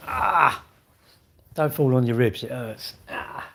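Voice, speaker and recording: A man's voice: medium pitch, normal speed, a little mellow. An English man hosting a livestream, rambling and mocking in casual chat as he reads and answers comments. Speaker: livestream host.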